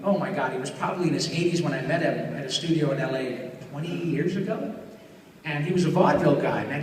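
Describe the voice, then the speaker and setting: A man talking to a live crowd with a high, bright voice, joking and chatty as he takes questions. He is heard from far off in an echoey hall with a long reverb and a faint hum behind him. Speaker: voice actor giving a live talk. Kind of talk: live talk with audience Q&A. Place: live venue in front of an audience.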